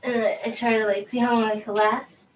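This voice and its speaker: A tarot channel host speaks briskly in a higher-than-average, flat voice, captured on a rough recording with a little hiss or hum. She's at home with her dog, chatting casually on her video channel as she tries out yoga moves and gets slightly breathless. Her talk rambles, full of laughter and repeated "like"s.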